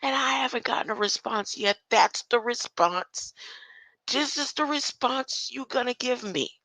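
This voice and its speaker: A woman's voice: a little high, a little slow, sharp tone, no echo. An older woman in a casual livestream rant, confrontational and tossing in rhetorical questions as she goes. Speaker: online commentator.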